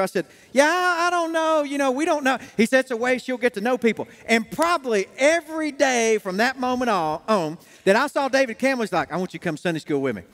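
High-voiced pastor in an echoing church. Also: male voice, a bit bright. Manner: folksy storytelling, acts out quoted dialogue. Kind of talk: sermon. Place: church sanctuary. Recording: long church hall reverb.

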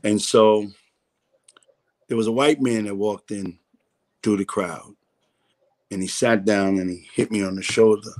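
A man's voice: fairly low pitch, fairly even intonation, a little slow, pauses often, a little mellow. A man, a comedian guest in a casual interview, telling a story candidly, swearing freely and acting out the voices he quotes.

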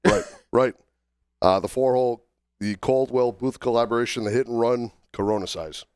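A man co-hosting a casual podcast while under the weather from a cold, talking haltingly with many fillers as he works through a list. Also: mid-range voice, clean tone, dry recording. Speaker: podcast co-host.

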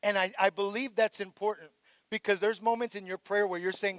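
A male pastor preaching a sermon, rising into shouted calls for praise and dropping quiet for reflective passages. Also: sits high, steady tone, a little fast, no echo.

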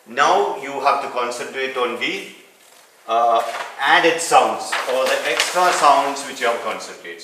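A man's voice: medium pitch, sharp tone, slight background noise. A man teaching a clinical lecture, explaining step by step and repeating key terms. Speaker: medical teacher. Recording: echoey room, mic at a distance.

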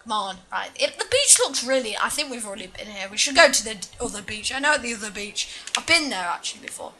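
A woman's voice: on the high side, very animated, fast, a crowd in the background. A woman giving casual, chatty let's-play commentary, mocking herself and exclaiming at the game. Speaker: gaming channel host.

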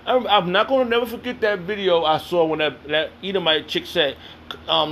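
A man's voice: high voice, expressive, brisk, bright, forceful tone, slight background noise. A man reading scripture aloud and commenting on it in a heated, confrontational, slangy way. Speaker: self-styled preacher.

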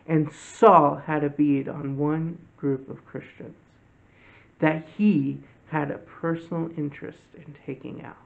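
A man hosting a children's church lesson, telling a Bible story slowly and gently to kids. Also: fairly high pitch, creaky. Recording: tinny phone-like audio.

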